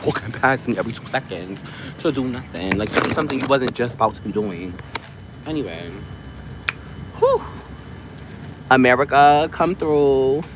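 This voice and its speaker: A man chatting casually on a live stream while walking outdoors, rambling from one topic to the next with quick asides. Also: medium pitch. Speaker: livestream host. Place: outdoors on a busy city street. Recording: noisy street with passing traffic.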